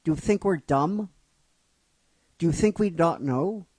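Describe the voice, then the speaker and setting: A man's voice: a little high, unhurried, a little mellow, dry recording, pitched above the performer's own voice. An exasperated older sister, put on by a man, fires off insistent, confronting questions in a raised, lifted voice. The sound is dry and close, with little room around it.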